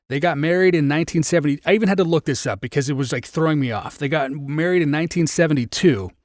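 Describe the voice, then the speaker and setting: A young man talks casually into a close mic, reviewing a film on a live stream. His voice sits at an ordinary middle pitch, and the sound is dry with no room around it. He rambles a little, leaning on "like" as he thinks aloud. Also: no room sound. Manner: rambling, chatty, lots of "like" fillers. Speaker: podcast host.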